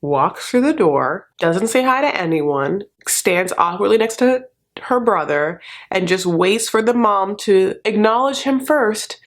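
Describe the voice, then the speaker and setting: A woman's voice: medium pitch, expressive, a little slow. A woman giving a sassy, casual comedic recap of a reality show, swearing freely and slipping into quoted voices.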